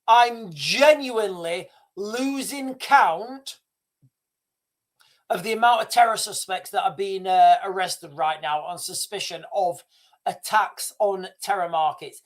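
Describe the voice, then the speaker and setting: Speaking slowly in a high voice, a British livestream host rambles through a casual monologue. He keeps looping back, restarting sentences, and now and then laughs at himself.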